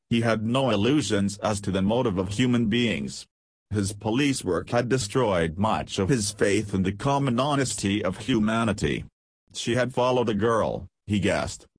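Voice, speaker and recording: A man calmly narrating a novel as an audiobook reader, close to the mic. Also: lowish voice, slightly rough, no echo.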